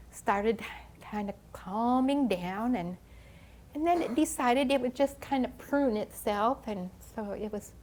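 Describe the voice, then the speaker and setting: With a slightly high voice and faint background noise behind her, an older ministry speaker dramatizes a story for children at a church gathering. Gasps, sighs, and long, drawn-out pauses stretch the suspense.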